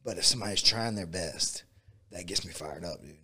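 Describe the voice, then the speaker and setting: A man who coaches jiu-jitsu and MMA, talking in a relaxed, rambling way and often saying "dude" and "like". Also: low-pitched, fairly quick, breathy edge. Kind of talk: casual conversation.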